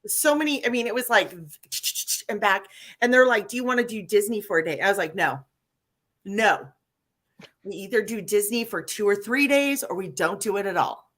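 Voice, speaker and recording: A woman hosting a live online chat, telling stories in an animated, chatty way. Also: mid-range voice, moderate pace. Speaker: livestream host. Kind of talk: casual chat.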